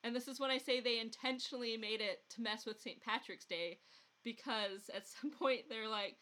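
Midwestern lady on a podcast, rural accent, kinda high bright voice, chatty and giggly. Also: moderate pace. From US Upper Midwest, along the Mississippi. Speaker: podcast co-host. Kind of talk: casual podcast chat.

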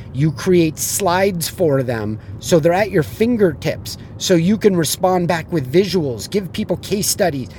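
A man's voice: fairly high pitch, slight background noise. A man with a blunt, profane way of talking, acting out the people in his story and then giving sales advice as a business coach. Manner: animated storyteller who acts out the people he quotes.

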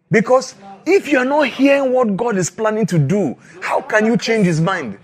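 A man's voice: high voice, breathy edge. A man preaching a sermon in a dramatic way, acting out pleading prayers and God's replies.

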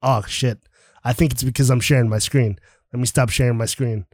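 A man hosting a podcast over an online call, casually retelling a comic book plot in an animated way, swearing freely and acting out the characters' lines. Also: mid-range voice, fairly quick, no echo, studio quality. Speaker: podcast host.

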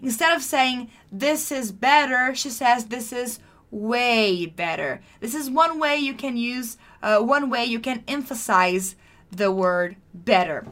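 A woman's voice: fairly high pitch, measured pace, a bit bright. A woman teaching English, explaining a class dialogue patiently and repeating key phrases for learners.

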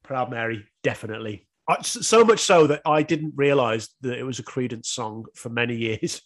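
This podcast co-host, a man in his thirties, has a mid-range voice with lively intonation and talks at a normal speed. He reviews an album in a casual chat, laughing often and swearing now and then.

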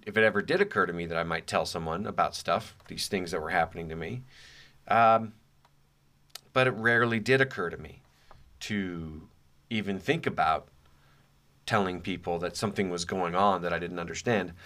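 A middle-aged man with a fairly low voice talks casually and reflectively, as if in conversation with listeners. He drops in dry, self-mocking asides between his thoughts. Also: fairly bright tone. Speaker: podcast host. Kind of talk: casual monologue.

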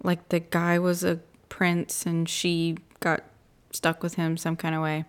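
A woman's voice: fairly low pitch, monotone, unhurried, clean tone. A woman co-hosting a podcast in casual chat, rambling and laughing often. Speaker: podcast co-host.

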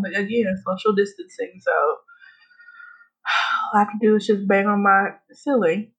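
Husky, blunt woman in casual chat. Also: mid-range voice, unhurried, fairly bright tone. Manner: blunt, profane, laughs often. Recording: dull lo-fi recording.

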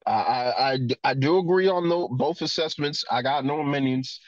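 A man co-hosting a podcast in casual chat, halting and filling his pauses with "uh". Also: mid-range voice, no echo. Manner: halting, full of fillers. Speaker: podcast co-host. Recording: dull, dry remote audio.

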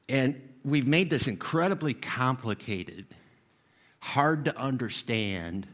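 A man's voice: mid-range voice, fairly bright tone. Older male pastor, sixties, casual storytelling sermon, self-deprecating, chatty with fillers. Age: 60s. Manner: conversational, self-deprecating, with many fillers and restarts.

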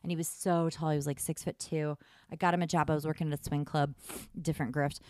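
A woman in her thirties casually telling blunt, profane stories with big swings in pitch, chatting as a podcast host. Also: level tone, fast, a little mellow, no echo, clean studio sound. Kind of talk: casual storytelling chat.

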